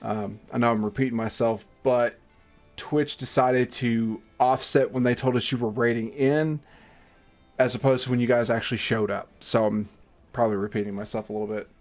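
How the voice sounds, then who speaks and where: Profane joking gaming streamer, faint music. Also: male voice, mid-range voice, fairly even intonation, moderate pace. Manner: profane, self-mocking banter, exasperated outbursts. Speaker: livestream gaming host. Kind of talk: reading game text aloud with live commentary.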